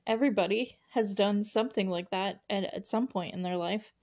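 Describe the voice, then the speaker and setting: Her voice is mid-range and darkish, and she talks fairly quickly. As a young woman hosting her own podcast, she recaps a TV episode casually, giggling, rambling, and stumbling through fillers and false starts.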